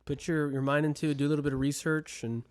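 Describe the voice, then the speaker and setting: A man's voice: a little high, steady tone, quick pace. A young man co-hosting a casual podcast, earnestly urging listeners to think for themselves. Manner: earnest, addresses listeners directly. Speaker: podcast co-host.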